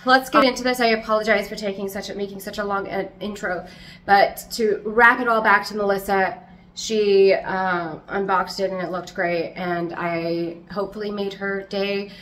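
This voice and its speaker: Chatty, loud, bright-voiced woman. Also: mid-range voice, steady tone, a little hiss or hum. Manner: rambling, fast, self-interrupting, chatty; loud, almost yelling. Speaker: plant vlogger. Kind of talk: casual chat. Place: home.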